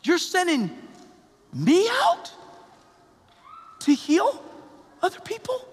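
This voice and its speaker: Priest putting on little James, high and pleading. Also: male voice, huge pitch swings, slow pace, long reverb tail, exaggerated voice. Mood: incredulous. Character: small limping young male apostle, pleading.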